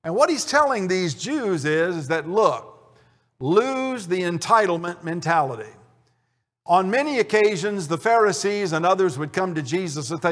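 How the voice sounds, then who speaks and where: A man's voice: high-pitched, expressive, normal speed, a bit bright. A man giving a conversational Bible teaching, telling the story and acting out the dialogue. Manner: storytelling, acts out the dialogue in the scene. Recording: long reverb of a large hall.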